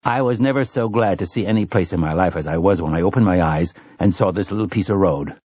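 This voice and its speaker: A man voicing a wry, restless young man in a storybook reading, talking in an animated, wisecracking way. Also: low voice, quick pace, husky, no room sound. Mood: worried.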